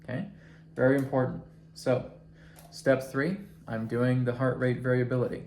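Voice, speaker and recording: A man teaching a self-help process, talking slowly and deliberately and counting breaths aloud. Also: medium pitch, little pitch movement, creaky, a little mellow. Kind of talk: guided instructional talk. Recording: echoey room with faint noise.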